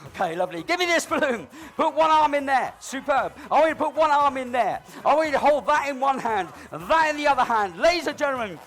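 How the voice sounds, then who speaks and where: A man doing live comedy balloon modelling on stage, teasing an audience member with cheeky, mock-dramatic patter that swings between loud announcements and low asides. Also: expressive, quick pace, few pauses, soft background music.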